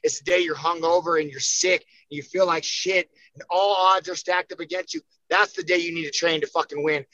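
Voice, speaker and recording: High-voiced guy, swearing a lot, pumped up, dry slightly dull sound. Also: steady tone, a little fast, hardly any pauses, sharp tone, no room sound. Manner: profane, fired-up, emphatic. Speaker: podcast guest, fighter. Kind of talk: casual podcast chat.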